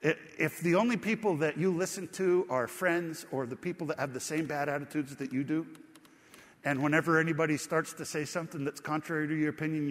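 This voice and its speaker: A man preaching a sermon as pastor, telling stories in a conversational, animated way. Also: fairly high pitch, big-room sound.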